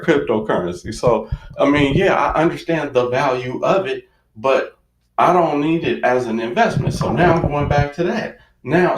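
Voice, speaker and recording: A man who works as a finance coach, telling a story about himself in a lively, self-mocking way and acting out his own inner dialogue. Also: fairly high pitch, a little hiss or hum. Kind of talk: storytelling monologue. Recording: echoey room.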